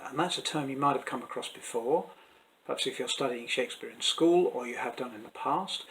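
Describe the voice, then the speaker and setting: A man from England, an actor who teaches Shakespeare, talks through verse rhythm in a chatty, unscripted way. He stumbles and restarts now and then, and says the beats softly as he taps them out. His pitch sits in a middle range for a man. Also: rough recording. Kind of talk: friendly explanatory talk to camera.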